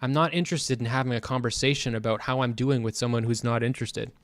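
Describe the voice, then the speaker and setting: A man's voice: medium pitch, fairly even intonation, fast talker, no echo. A man streaming, chatting casually in a profane, ranting way. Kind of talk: casual chat.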